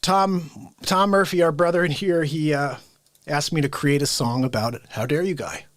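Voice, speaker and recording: A man's voice: a little high, moderate pace, dry recording, studio quality. A man hosting a live comedy stream, chatting casually and directly with his viewers. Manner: chatty, talks straight to viewers. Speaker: livestream host.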